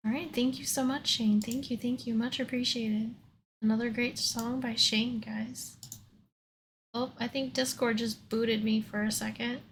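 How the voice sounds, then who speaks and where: Bubbly high-voiced woman hosting stream. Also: steady tone, unhurried, slight background noise. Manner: bubbly, laughs often. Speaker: karaoke stream host. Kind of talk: casual live-stream chat.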